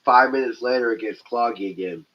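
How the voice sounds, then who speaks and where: A man's voice: mid-range voice, brisk. A man with a stuffy nose hosting a casual live stream, joking loosely, swearing freely and reading out viewer comments. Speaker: livestream host. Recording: dull lo-fi stream audio.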